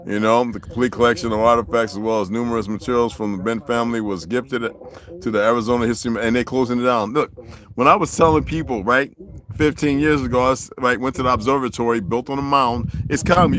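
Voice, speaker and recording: A man's voice: mid-range voice, a bit bright. A man hosting a livestream, ranting in a profane, preachy, confrontational way and greeting viewers by name. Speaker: livestream host. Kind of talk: livestream rant.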